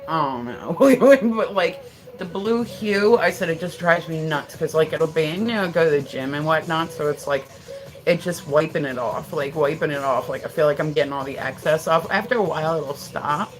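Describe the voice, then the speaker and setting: Middle-aged female streamer, lowish voice, rambling profane chat to viewers. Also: moderate pace, soft background music, rough recording. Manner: answers viewer comments aloud. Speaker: livestreamer. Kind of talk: casual live-stream chat.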